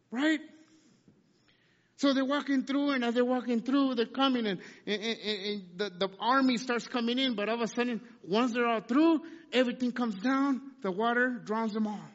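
High-voiced preacher in an echoing hall. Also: male voice. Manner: animated, asks the congregation questions. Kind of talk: sermon. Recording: dull sound with long hall reverb.

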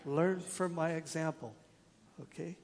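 A man's voice: fairly high pitch, measured pace, a little mellow, long reverb tail. A man preaching a sermon in an earnest, direct way, asking his congregation questions and slipping in wry jokes. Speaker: pastor.

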